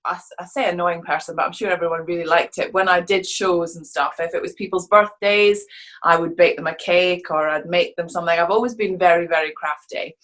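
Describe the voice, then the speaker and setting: Chatty woman, softened Scottish accent. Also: fairly low pitch, fairly even intonation, a little fast. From Scotland (Fife). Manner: chatty, laughs often, many restarts. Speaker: interview guest, stage actress. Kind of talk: casual video-call interview.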